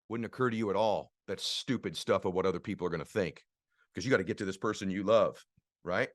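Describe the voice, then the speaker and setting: Motivational speaker, male, low voice, earnest rhetorical style, dry close recording. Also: quick pace, no echo. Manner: earnest, repetitive rhetorical questions. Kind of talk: motivational speech to an audience.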